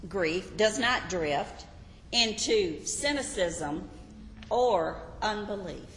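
Slow, emphatic woman teaching in an echoey hall. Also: medium pitch, fairly bright tone, a little hiss or hum. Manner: emphatic, repeats key phrases, questions the audience. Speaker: Bible teacher. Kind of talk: sermon. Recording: echoey hall with long reverb.

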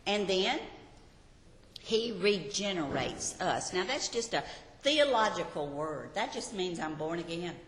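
A woman's voice: lowish voice, big pitch swings, measured pace, fairly bright tone. A woman teaching a Bible lesson to a group, earnest and often asking her listeners rhetorical questions. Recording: roomy hall reverb.

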